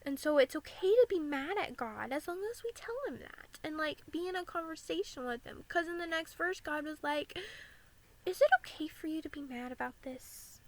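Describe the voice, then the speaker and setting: A woman's voice: high voice, animated, normal speed, rough recording. A young American woman vlogging candidly about living with anxiety, saying "like" often. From United States. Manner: candid and earnest, frequent "like" fillers.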